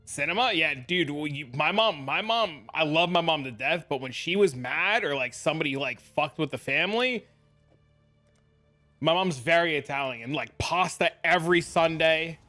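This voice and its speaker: A man's voice: fairly high pitch, expressive, normal speed, pushed and bright, soft background music. A man streaming, telling rambling, profane stories in casual chat. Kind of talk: casual storytelling.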